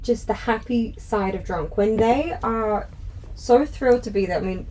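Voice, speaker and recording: A woman co-hosting a casual podcast, laughing often with a loud cackle. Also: fairly high pitch, moderate pace, a little hiss or hum, rough recording. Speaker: podcast co-host. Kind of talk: casual chat. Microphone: close podcast mic.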